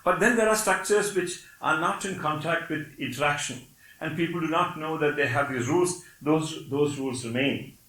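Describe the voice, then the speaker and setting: A man's voice: a little high, moderate pace, sharp tone, reverberant, low-quality recording. An older man from Kerala, whose first language is Malayalam, speaks English with a Malayali accent while giving a lecture, explaining patiently and checking in with "Okay?". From Kerala, India. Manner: explanatory, with frequent "Okay?" checks and wry laughs.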